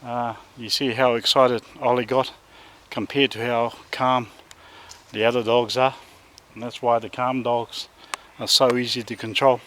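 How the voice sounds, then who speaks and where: A man with a New Zealand accent, a dog trainer chatting casually outdoors with his dogs and now and then calling loudly to one of them. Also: medium pitch, flat delivery, a little slow, slight background noise. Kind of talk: casual outdoor vlog talk.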